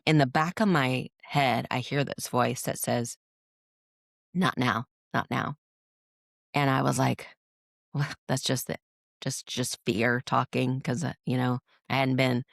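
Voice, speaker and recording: Woman podcast guest, mid-pitched with a gravelly edge, earnest and reflective, dry close sound. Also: no room sound. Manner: earnest, reflective, with frequent restarts. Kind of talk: candid interview storytelling.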